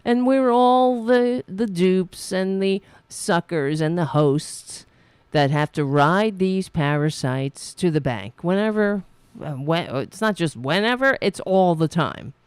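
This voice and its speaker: A woman's voice: fairly low pitch, takes it slowly, a little mellow, clear, resonant tone, no echo. A woman hosting a political podcast, reading news stories aloud and breaking in with scornful, sarcastic asides and frequent self-corrections.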